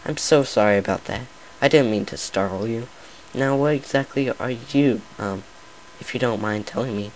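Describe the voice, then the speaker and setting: A man voicing a shy, timid young female pegasus pony, speaking softly and haltingly. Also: mid-range voice, slight background noise, lightly acted, low-quality recording. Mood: apologetic. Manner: soft, hesitant, halting.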